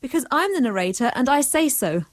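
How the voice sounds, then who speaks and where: A woman narrating a comic story with a slightly high voice. She is firm and bossy and keeps the scripted telling under her control. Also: sing-song, brisk, no room sound.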